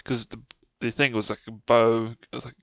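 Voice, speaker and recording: A man's voice: medium pitch, level tone, normal speed, gravelly, dry recording. A young man with a New Zealand accent telling childhood stories in a rambling, sweary way. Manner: rambling, swears often, trails off. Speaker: vlogger. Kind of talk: casual storytelling to camera. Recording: dull, dry lo-fi sound.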